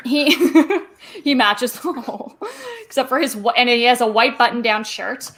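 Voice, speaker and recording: Woman game master, high bright voice, giggly, halting narration. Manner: giggly, halting, describes scenes with many fillers.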